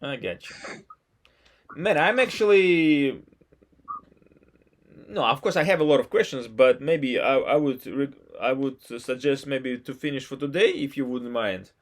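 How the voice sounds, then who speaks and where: A man tutoring a student in he did not learn first, talking haltingly with many false starts and frequent questions. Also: mid-range voice. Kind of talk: casual one-on-one lesson talk.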